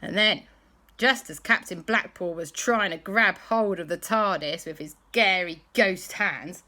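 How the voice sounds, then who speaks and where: A woman telling a bedtime story in an animated way, with sound effects. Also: lowish voice, a little slow.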